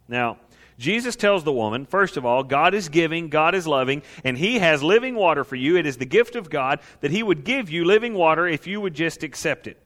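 A male pastor preaching an animated sermon who asks the audience questions and acts out scenes. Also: on the high side, brisk.

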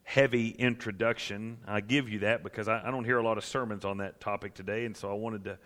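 A man's voice: lowish voice, fairly even intonation, brisk, fairly bright tone. A man preaching a sermon as pastor to a church gathering, earnest and building to impassioned emphasis.

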